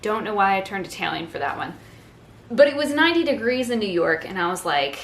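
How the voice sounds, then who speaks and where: A woman's voice: medium pitch, very animated, fast talker, a bit bright, a little hiss or hum. A young woman vlogger sitting on her living room floor, chatting in a rambling, self-mocking way as she goes through her decorations. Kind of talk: casual chat. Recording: echoey room with faint ambience.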